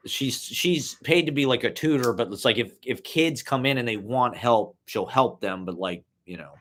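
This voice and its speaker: Speaking at a normal pace in a medium, slightly bright voice, a young man rambles casually through a solo vlog. He wanders between thoughts, swearing and peppering his speech with "like" and "you know."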